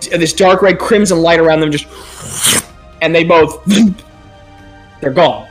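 A man narrating a tabletop game as game master, speaking haltingly with many ums and uhs. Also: on the high side, fairly even intonation, faint music behind.

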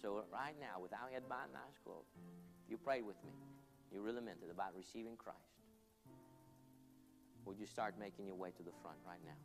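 A man's voice: fairly low pitch, creaky. A man preaching an altar call, earnest and pleading, leading the congregation in prayer line by line. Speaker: pastor. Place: church hall. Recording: long hall reverb, soft music behind.

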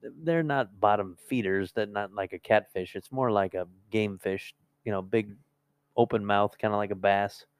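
A man's voice: lowish voice, moderate pace, clear, resonant tone, dry recording. A man co-hosting a podcast from a studio, joking and telling folksy fishing stories in casual chat. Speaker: podcast co-host.

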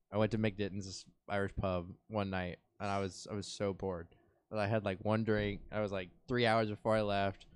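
A man chatting as a podcast guest, telling stories in a lively way and acting out what he and others said. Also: lowish voice, smooth, no room sound. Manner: animated storyteller, acts out his own lines. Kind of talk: casual chat.

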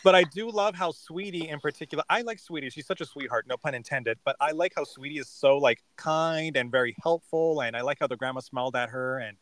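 A man's voice: fairly high pitch, brisk, hardly any pauses, a bit bright, dry recording, low-quality recording. A man co-hosting a casual podcast recap, chatty and playful, laughing often. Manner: chatty, giggly, playful asides. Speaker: podcast co-host.

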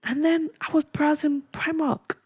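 An animated woman co-hosting a relaxed podcast, her voice sitting a little on the high side. She talks emphatically and keeps turning to her listeners to check that they follow her. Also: measured pace. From Africa. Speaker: podcast co-host. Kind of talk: casual podcast chat.

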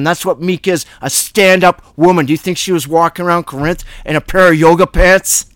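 A man's voice: high-pitched, steady tone, fairly quick, hardly any pauses, fairly bright tone, dry recording, studio quality. A man reading scripture aloud and commenting on it in a casual, riffing verse-by-verse bible study. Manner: reads scripture then riffs on it with asides.

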